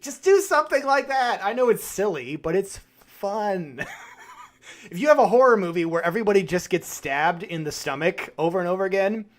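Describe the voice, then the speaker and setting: Animated guy ranting about a movie. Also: sits high, moderate pace. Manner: animated, swears freely, acts out reactions. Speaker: podcast co-host. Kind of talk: casual chat.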